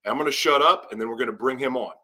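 A man hosting a casual talk show, animated and self-deprecating as he rambles. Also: mid-range voice, very fast, slight background noise. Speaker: podcast host.

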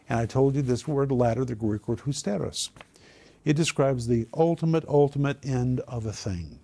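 A man's voice: mid-range voice, moderate pace, mellow, breathy edge. Emphatic older man teaching the Bible. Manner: emphatic, repeats key words for stress.

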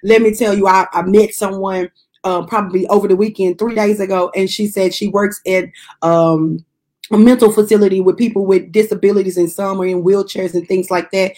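Lively woman preaching to her listeners. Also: medium pitch, fairly quick. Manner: lively, repeats phrases for emphasis, laughs often; addresses listeners directly and casually. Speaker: pastor and podcast host. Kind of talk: informal preaching on a devotional podcast.

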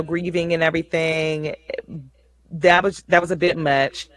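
A woman's voice: fairly low pitch, fairly bright tone, no room sound, rough recording. Woman host, casual livestream, folksy slang, repeats points, close dry mic.

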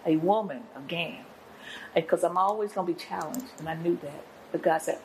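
A woman's voice: on the low side, moderate pace, darkish tone, a little hiss or hum, poor audio. An older woman, a guest apostle and pastor, telling her testimony in an interview in an earnest, preacherly way.

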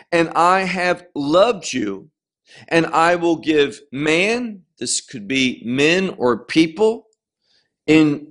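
A man teaches scripture at an unhurried pace. His voice sits a little high, and he leans hard on key words as he reads each verse aloud. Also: fairly bright tone. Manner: slow, deliberate, emphatic reading of scripture. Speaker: Bible teacher. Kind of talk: Bible teaching.

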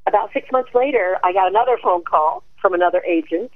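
A woman guest, an actress and speaker, telling her life story in an animated way and laughing often. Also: mid-range voice, fast, no room sound. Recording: tinny dry phone line.

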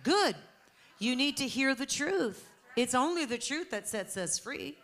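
A woman's voice: a little high, a bit bright. A woman preaching a sermon to a congregation, fervent and emphatic.

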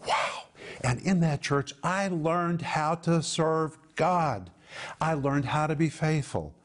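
Middle-aged male pastor, higher register, emphatic preaching with stressed repetition. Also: takes it slowly. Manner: emphatic, repeating words for stress. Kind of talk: sermon.

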